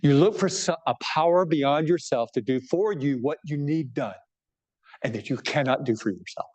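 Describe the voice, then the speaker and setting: His voice runs on the high side and is a little mellow, moving at a moderate pace. The bishop jokes his way through an informal book talk for a live audience, often turning to his listeners, with humor mostly aimed at himself.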